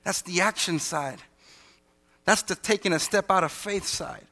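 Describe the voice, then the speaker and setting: A man's voice: high-pitched, unhurried, pushed and bright, long reverb tail. A man preaching a sermon as pastor, emphatic, calling out questions to the congregation.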